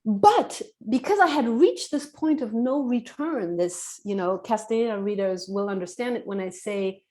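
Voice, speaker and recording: A woman telling a personal story as a podcast guest, earnest, acting out dialogue in a hushed voice. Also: mid-range voice, lively intonation, normal speed.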